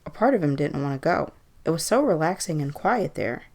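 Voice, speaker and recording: A woman reading a Halloween horror story aloud in an even, measured way. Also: deep voice, creaky.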